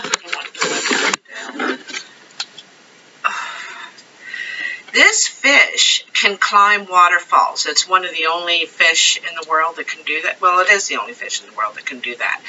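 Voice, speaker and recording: Slow, rambling tarot reader woman. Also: on the low side, distant mic, lo-fi sound, background noise. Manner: slow, rambling, chatty, with frequent fillers. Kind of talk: casual tarot reading to camera.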